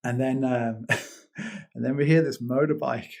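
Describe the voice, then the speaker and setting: A man's voice: medium pitch, unhurried, gravelly, a little mellow. A British man telling a rambling story as a guest in a casual interview, laughing often and restarting his sentences. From Britain. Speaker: guest, paraglider.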